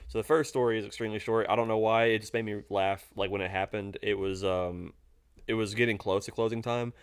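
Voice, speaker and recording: A young man co-hosting a casual chat, telling work stories in an animated way and laughing often. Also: lowish voice, a little fast, clear, resonant tone. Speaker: podcast co-host.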